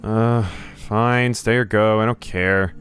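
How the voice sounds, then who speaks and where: Grumpy eye-rolling teen halfling girl from a game, read by a guy with a low voice, soft music behind. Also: steady tone, takes it slowly. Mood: snappy. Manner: snappy, eye-rolling, defiant. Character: sullen, rude teenage halfling girl. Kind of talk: reading game dialogue aloud.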